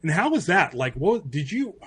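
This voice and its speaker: A man's voice: on the high side, sing-song, normal speed, breathy edge. A man hosting a podcast interview, asking casual questions with lots of fillers. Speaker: podcast host.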